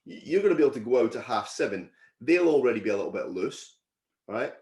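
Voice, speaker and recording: A man's voice: mid-range voice, big pitch swings, quick pace, darkish tone. A man hosting a casual podcast, teasing and joking with his co-hosts. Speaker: podcast host. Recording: echoey room.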